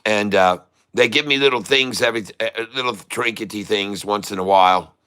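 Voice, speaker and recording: A man's voice: on the low side, normal speed, sharp tone, smooth. An older man hosting a day-trading livestream, chatting casually and joking while he reads viewer comments. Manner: chatty, jokey, laughs often, folksy. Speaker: livestream host, day trader. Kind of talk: casual live-stream chat, reading comments.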